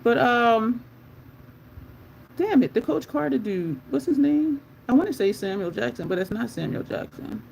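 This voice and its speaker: A woman's voice: fairly high pitch, animated, moderate pace, creaky, a little mellow, slight background noise, poor audio. A woman beauty vlogger in casual chat while doing her makeup, answering viewer comments and laughing often.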